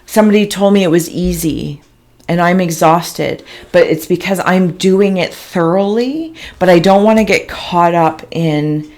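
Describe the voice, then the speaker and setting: A woman giving a slow, halting spiritual reading, describing visions in a soft, emotional, dreamy way. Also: on the low side. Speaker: intuitive reader.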